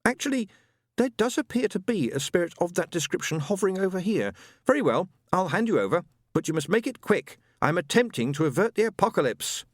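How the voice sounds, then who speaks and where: A man's voice: high voice, sing-song, fairly quick, no echo, clean studio sound, pitched above the performer's own voice. A man voicing a fussy, pompous male angel who speaks through a medium in a prim, testy way.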